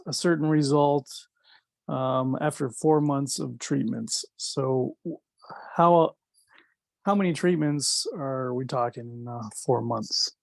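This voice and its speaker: A participant asks a question very slowly in a gravelly voice and hesitates with fillers. The sound is dry and close. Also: medium pitch, darkish tone, no echo. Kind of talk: question on a video call.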